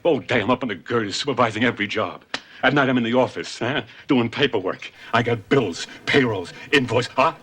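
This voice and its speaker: An actor playing an exasperated middle-aged husband in a sitcom, blustering and then tender. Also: male voice, medium pitch, fairly quick, a bit bright, husky. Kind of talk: sitcom acting before a studio audience.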